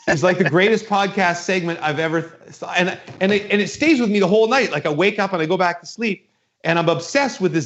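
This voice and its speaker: A man's voice: high-pitched, lively intonation, moderate pace, a bit bright. A man hosting a podcast in casual chat, rambling through a story and acting out the voices in it. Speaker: podcast host. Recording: dull lo-fi sound.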